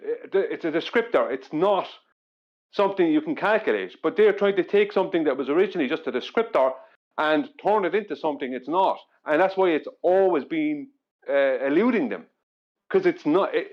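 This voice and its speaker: A man's voice: fairly high pitch, dull audio. A man in a live stream discussion, explaining a point earnestly with frequent restarts and repeats.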